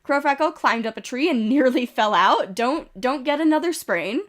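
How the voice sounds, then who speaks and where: Woman game streamer, congested with a cough, slightly high voice, casual giggly commentary into a desk mic. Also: animated, normal speed. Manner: reads game events aloud with chatty asides and giggles. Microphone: desk microphone.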